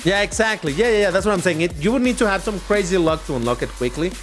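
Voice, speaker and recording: A man's voice: high voice, expressive, quick pace, soft background music. A man giving chatty, opinionated live commentary while racing in a mobile game. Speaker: livestreamer.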